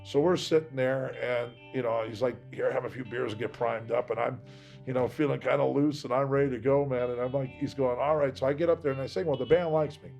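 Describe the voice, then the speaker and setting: Male interviewee, mid-pitched, candid storyteller from Seattle, rambling delivery with acted-out quotes. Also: a little fast, gravelly, darkish tone, faint music behind. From Seattle, USA. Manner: rambling, acts out quoted voices. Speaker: interviewee, singer.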